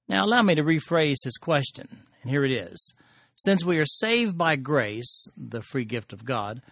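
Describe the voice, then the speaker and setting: Measured male Bible teacher, dry sound. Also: on the high side, a bit bright, no room sound. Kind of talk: scripture reading and Bible teaching.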